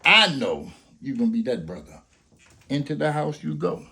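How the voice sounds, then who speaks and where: Gravelly older man preaching an appeal. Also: medium pitch, big pitch swings, normal speed, bright, forceful tone. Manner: preacherly, rhetorical questions, storytelling. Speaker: grandfather urging people to vote. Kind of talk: impassioned spoken appeal.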